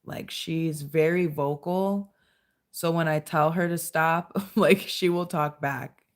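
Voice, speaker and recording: A chatty young woman talks on a casual livestream from home, her voice sitting a little low. She laughs often and scolds her clingy dog between comments. A dog can be heard nearby. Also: fairly even intonation, slow. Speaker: livestream host.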